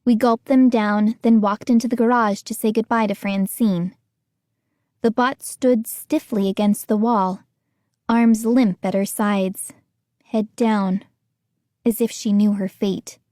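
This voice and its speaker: A woman narrating an audiobook in a measured storytelling manner. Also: medium pitch, steady tone, mellow, dry recording, clean studio sound.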